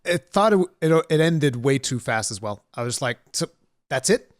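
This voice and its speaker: A man's voice: mid-range voice, lively intonation, normal speed, no echo, studio quality. A man who is a guest streamer, chatting about games with enthusiasm, laughing often and putting on silly voices. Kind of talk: casual gaming chat.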